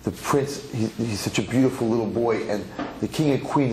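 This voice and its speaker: A man, a rabbi, telling a long story in an animated way and acting out the characters during a sermon. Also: mid-range voice, moderate pace, echoey room, slight background noise, low-quality recording.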